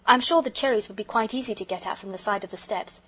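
A woman reading the part of a bold, eager boy in a children's storybook, in a brisk, sure-of-himself way. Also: medium pitch, slightly rough, natural voice.

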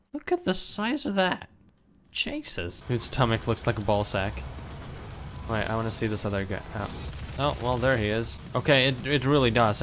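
A man's voice: medium pitch, slight background noise. A young man streaming his first playthrough of a shooter game, jumpy and swearing, talking back to the enemies and mocking himself. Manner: jumpy, swears a lot, yelps when startled; self-mocking, talks to the enemies. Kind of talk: casual gameplay commentary.

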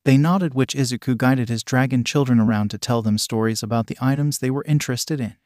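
A man narrating fan fiction in a flat, even, scripted reading. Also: medium pitch, fairly quick, dry recording, clean studio sound. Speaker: fanfic reader.

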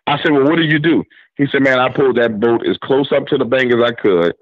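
A man's voice: mid-range voice, quick pace, no room sound. A man from New Orleans with a New Orleans accent, a guest telling a story on a radio show in a casual, slangy way, acting out both sides of a conversation. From New Orleans, Louisiana. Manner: retells story with quoted back-and-forth dialogue, drawling casual slang. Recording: dull lo-fi radio audio.

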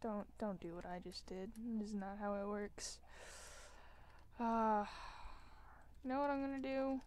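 A woman hosting a gaming video, chatting casually as she plays. She mocks herself and breaks into loud, excited exclamations. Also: mid-range voice, measured pace. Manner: excitable, self-mocking, bursts into loud exclamations. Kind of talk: casual gameplay commentary. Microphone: desk microphone while gaming.

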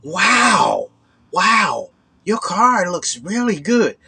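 A man's voice: very animated, pushed and bright, husky, exaggerated voice. A man doing a gushing, grinning street hustler. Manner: eager, gushing, slow sales pitch. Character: overly cheerful smooth-talking male hustler.

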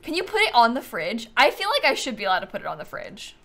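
A woman's voice: on the high side, wildly swooping pitch, fast talker, pushed and bright. A woman streaming a game, chatting casually and musing aloud as she decorates, talking to her chat and sleepy enough to keep yawning. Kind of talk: casual livestream commentary while playing.

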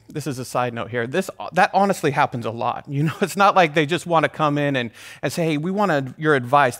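A man's voice: mid-range voice, a bit bright. Man preaching a conversational sermon. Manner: conversational preaching with asides and restarts. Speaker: pastor.

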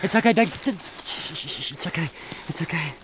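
An actor playing a bossy, volatile male maniac who swings from barking to hushed soothing, recorded outdoors with noticeable background noise. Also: sits high, sing-song, moderate pace. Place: outdoors in a park.

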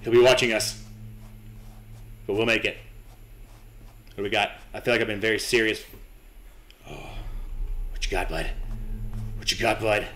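A young gaming channel host narrates his own run through a horror game, nervously swearing and talking both to himself and to the game. His voice sits fairly low and has a fairly bright tone, moving at a normal speed with frequent pauses.

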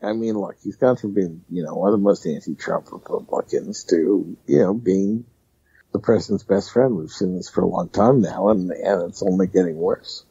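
A man co-hosts a political talk show in a very deep, husky, gravelly voice that swings in pitch. He speaks in a measured way and hedges with fillers. The sound is dry and dull, like a lo-fi remote feed. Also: animated, mellow, no room sound. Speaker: co-host, political correspondent.

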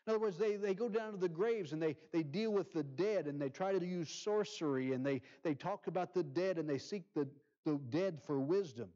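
Fervent pastor, lo-fi sermon audio. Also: male voice, high voice, a little fast. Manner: swings from loud emphasis to near-whispers, reads scripture aloud.

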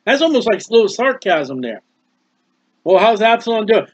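High-voiced American man teaching scripture. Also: sing-song, no room sound. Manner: reads scripture slowly, then explains in plain folksy asides. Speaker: Bible teacher. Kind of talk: verse-by-verse Bible study. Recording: dry, muffled lo-fi recording.

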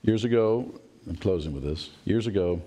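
A man's voice: deep voice, lively intonation, normal speed, mellow, slight background noise. A middle-aged male pastor delivering a sermon, telling a family story and acting out the voices in it. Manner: storytelling preacher, acts out voices and asides.

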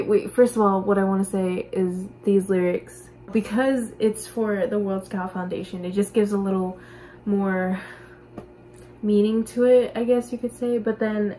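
A teenage girl reacting to a new song, gushing and excitable and breaking into squeals. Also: mid-range voice, slight background noise, poor audio. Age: late teens. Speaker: vlogger. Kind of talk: music reaction commentary. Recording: song playing clearly behind the voice. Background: pop music.

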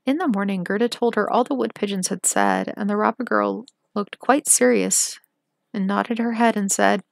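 Gravelly-voiced woman reading a fairy tale. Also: medium pitch, dry recording, clean studio sound. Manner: measured, expressive. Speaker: storybook reader.

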